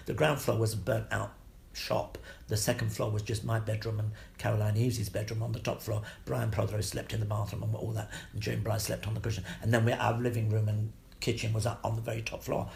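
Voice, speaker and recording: Gravelly older man telling stories. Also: mid-range voice, slight background noise. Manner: lively, swears freely, laughs between stories. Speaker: guest actor. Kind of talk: anecdotal interview storytelling.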